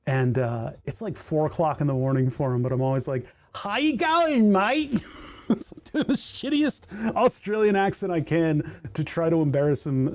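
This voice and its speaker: A middle-aged man hosts a casual livestream from his home workshop while soldering, rambling with many fillers and restarts and laughing at himself. His voice is a little high with a darkish tone.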